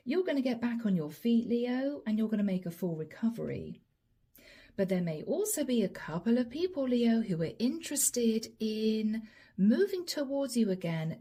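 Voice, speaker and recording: A middle-aged woman, a tarot reader, gives a channeled reading to camera in a voice that sits on the high side, mellow and slightly rough. She's chatty and speaks straight to her viewers.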